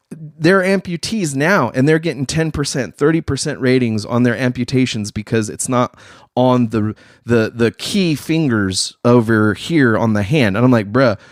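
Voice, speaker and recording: Animated slangy talk-show host man. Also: mid-range voice, no room sound, clean studio sound. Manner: animated, slangy, mimics people in quick voices. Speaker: podcast host. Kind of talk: casual chat.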